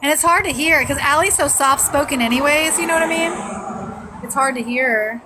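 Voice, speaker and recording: A woman's voice: sits high, moderate pace, noisy background. A mother chatting on a phone call, frank and salty as she tells stories about her kids. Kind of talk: casual chat.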